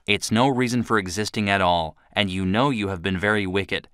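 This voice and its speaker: A man's voice: on the low side, moderate pace, fairly bright tone, clear, resonant tone, no echo, clean studio sound, natural voice. A man reading a kind, brave young girl. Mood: earnest.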